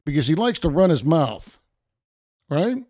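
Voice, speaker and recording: A man's voice: on the high side, very animated, a little slow, darkish tone, no echo, clean studio sound. A man hosting a show with rambling, sarcastic commentary, meandering and talking to his chat. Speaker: show host.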